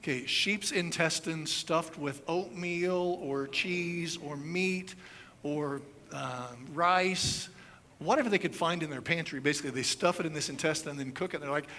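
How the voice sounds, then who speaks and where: Fifties american pastor, kinda high bright voice, chatty storytelling sermon, jokey asides. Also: male voice, normal speed. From United States. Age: 50s. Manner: animated storytelling with demonstrations and playful asides. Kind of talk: conversational sermon.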